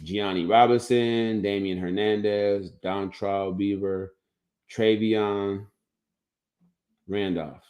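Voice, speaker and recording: A man with a fairly low voice talks loosely through a livestream, his thoughts trailing off and restarting mid-sentence. He sounds like a coach chatting casually to his viewers over a computer mic. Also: fairly even intonation, slow, a little mellow.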